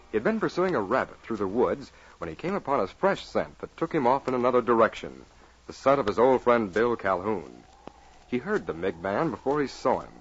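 A man's voice: on the low side, sing-song. Man narrating old radio adventure, dramatic, dull lo-fi sound, music under. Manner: measured, dramatic storytelling. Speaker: announcer-narrator.

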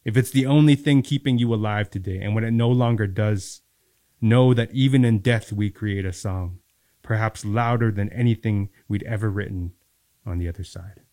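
Low-voiced male poet, measured lyrical delivery, dry close sound. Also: warm tone, no echo. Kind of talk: poetry reading then casual chat.

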